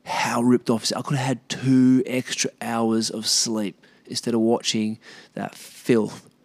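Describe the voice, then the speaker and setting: Rambling on his own, bluntly and with plenty of swearing, an Australian podcast host keeps the chat casual. He has a mid-range voice with flat delivery, talks a little slowly, and the recording is dry.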